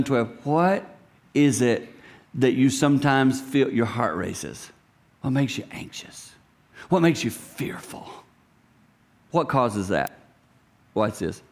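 Middle-aged male pastor, sermon, animated delivery that dips into whispers, mid pitch. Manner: animated, swings from loud to hushed whispers, acts out voices.

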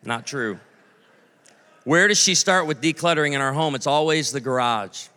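Bright-voiced preacher man in a reverberant hall. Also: fairly high pitch, moderate pace. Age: 40s. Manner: storytelling with comic voices and audience asides. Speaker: pastor. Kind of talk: sermon.

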